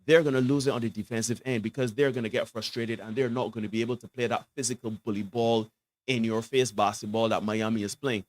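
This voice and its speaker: A man breaks down a basketball game on a sports talk show, and he keeps asking "right?" as he goes. His voice sits mid-range, and he swings from low asides to loud, preachy bursts. The recording is dry and close, with no room sound. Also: no room sound. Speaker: basketball analyst guest.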